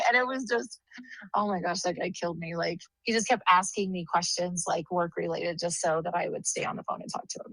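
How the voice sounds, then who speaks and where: A woman's voice: on the low side, steady tone, brisk, creaky, a bit bright, dry recording, rough recording. A woman in her thirties chatting casually on a podcast, rambling through stories and laughing often. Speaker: podcast co-host, sister. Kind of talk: casual chat.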